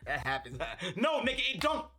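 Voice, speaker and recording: A man's voice: high-pitched, huge pitch swings, moderate pace, bright, forceful tone, exaggerated voice. An actor playing a brash young man who trash-talks his friend with crude street slang in a sitcom. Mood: angry. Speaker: sitcom character. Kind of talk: sitcom acting.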